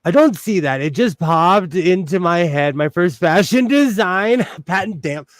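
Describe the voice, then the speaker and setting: A man's voice: high voice, animated, unhurried, no echo. A man from the United States hosting a casual sewing live stream, chatty and playful, laughing often as he talks to viewers from his home sewing room. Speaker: sewing livestream host.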